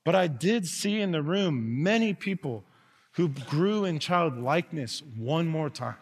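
A man preaching a sermon as pastor, earnest, dropping to soft tones and rising to loud calls. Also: fairly high pitch, lively intonation, measured pace. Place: church sanctuary. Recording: long reverb of a large hall.

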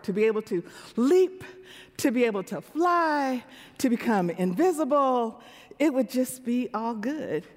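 A woman's voice: fairly high pitch, a little mellow. A woman in her sixties preaching a sermon in a church, talking with the congregation in a conversational way. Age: 60s. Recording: long reverb of a large hall.

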